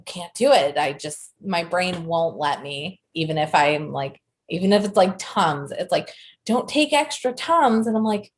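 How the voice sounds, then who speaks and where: A woman's voice: low voice, moderate pace, few pauses. Chatty, rambling woman podcast co-host. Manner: rambling, chatty, with restarts and laughter. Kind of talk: casual chat.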